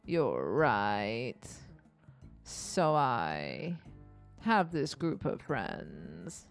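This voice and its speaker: A woman voicing a shy, sad young fantasy woman who speaks softly and hesitantly. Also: sing-song, extremely slow, gravelly, soft background music, exaggerated voice. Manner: soft, low, hesitant. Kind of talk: voicing game dialogue.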